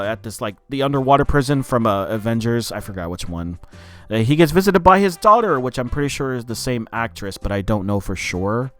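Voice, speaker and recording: A man's voice: mid-range voice, a bit bright, clean tone. A man casually recapping a movie plot for his review channel, loose and profane, with lots of filler words. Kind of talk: casual spoken film review.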